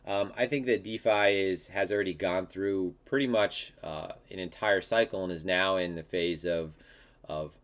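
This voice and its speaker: A man with a very low, congested voice hosts a live market commentary show. He talks loosely and off the cuff, full of ums and restarted phrases. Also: normal speed, fairly bright tone. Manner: casual, many fillers and restarts. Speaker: crypto market show host.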